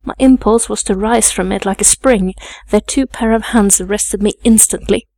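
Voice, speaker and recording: A woman reading a classic novel aloud as an audiobook narrator, measured and composed. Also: medium pitch, a little mellow, dry recording. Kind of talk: scripted narration.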